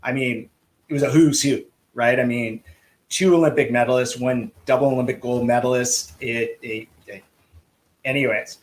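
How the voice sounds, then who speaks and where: Male guest, swim coach, casual anecdotal storyteller, lively delivery with acted-out dialogue. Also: mid-range voice, moderate pace, low-quality recording. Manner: lively, acts out quoted dialogue.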